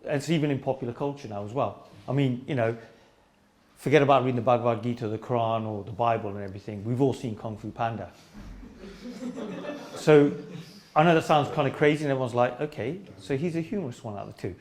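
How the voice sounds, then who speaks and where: Fast-talking playful man. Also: mid-range voice, darkish tone. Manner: playful, teasing, quick storytelling. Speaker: spiritual teacher in a group talk. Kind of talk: informal discussion with an audience.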